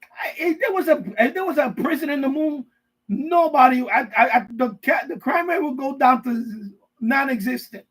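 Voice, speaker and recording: A man's voice: very high voice, normal speed, a bit bright, rough recording. A man hosting a live stream from his basement, ranting casually with profanity and lots of repetition, riffing in mock voices. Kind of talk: rambling casual rant. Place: basement room.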